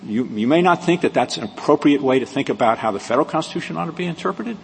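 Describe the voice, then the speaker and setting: A man arguing a case as an advocate in a courtroom, measured and precise, with frequent restarts. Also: a little high, animated, creaky. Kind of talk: courtroom oral argument. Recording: reverberant courtroom audio with faint hiss.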